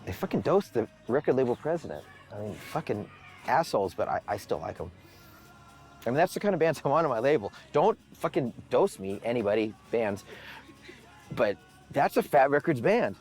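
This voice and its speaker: A record label president tells profane stories in a documentary interview. His pitch rises and falls with the story as he slips into the voices of the people he quotes. Faint music plays under him. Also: big pitch swings, moderate pace, a little mellow, slightly rough.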